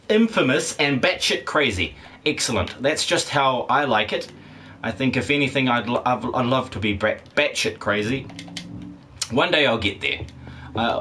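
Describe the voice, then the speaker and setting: A man's voice: medium pitch, sharp tone, slight background noise. A middle-aged man, streaming a game and rambling crudely while reading chat aloud. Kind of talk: casual live-stream chat.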